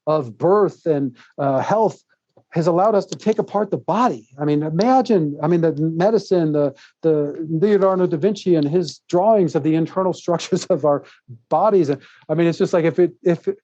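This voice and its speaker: A man tells a long personal story as a podcast guest, rambling and animated, often laughing between thoughts. His voice sits a little higher than most men's but sounds mellow and warm. The recording is dry and slightly muffled. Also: normal speed. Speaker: podcast guest, author and speaker. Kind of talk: casual interview storytelling.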